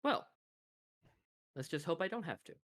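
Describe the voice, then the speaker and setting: A man's voice: on the high side, big pitch swings, normal speed. A man doing a timid, mumbling ex-butler. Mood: sheepish. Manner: soft, hesitant, lots of ums. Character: timid polite young male ex-butler, mumbling.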